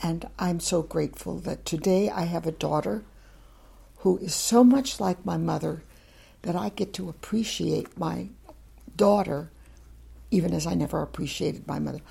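Brief: older woman interviewee, low gravelly husky voice, chatty and outspoken, rambling stories. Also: moderate pace, warm tone. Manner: talkative, frank, wandering anecdotes. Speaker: interviewee, former German teacher. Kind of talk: oral history storytelling.

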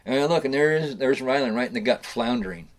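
A middle-aged man tells loose, rambling stories in an everyday voice at a middling pitch, chuckling now and then. He curses freely and often breaks off to restart a sentence. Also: fast talker. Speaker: storyteller recounting fishing trips. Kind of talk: casual spoken storytelling.

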